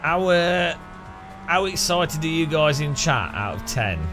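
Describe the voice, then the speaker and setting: Unhurried joking man with lively pitch. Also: over music. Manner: joking, rambling, laughs at own jokes. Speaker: streamer host. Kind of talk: casual live-stream chat.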